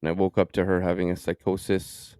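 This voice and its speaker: A man co-hosting a podcast, telling a personal story in casual chat, animated and swearing as he acts out what people said. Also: deep voice, a little fast, clean tone, no echo, studio quality. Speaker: podcast co-host.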